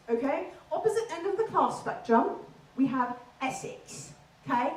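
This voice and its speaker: High-voiced woman doing stand-up. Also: sing-song, far from the mic, a little hiss or hum. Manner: chatty, teasing, quick asides. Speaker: stand-up comedian. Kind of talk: stand-up comedy. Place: theater stage. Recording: roomy stage sound from afar.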